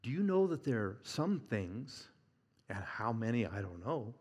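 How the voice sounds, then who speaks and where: A man preaching a sermon, conversational and humorous, swinging from loud emphasis to hushed near-whispers and chuckling at his own points. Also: medium pitch, very animated, unhurried, slightly rough.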